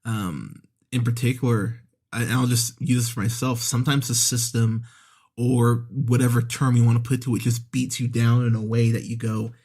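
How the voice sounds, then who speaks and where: Reviewing an episode on his movie podcast, the host speaks in a steady, mid-range, darkish voice at a moderate pace. It's casual and conversational, peppered with fillers and mid-sentence corrections, and he voices the characters when quoting scenes.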